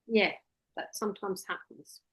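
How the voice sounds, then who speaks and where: A woman's voice: medium pitch, fairly even intonation, measured pace, a bit bright, slightly rough. A woman, a hypnotherapy trainer teaching one-to-one in a direct, practical way and quoting what she tells clients in a soothing voice.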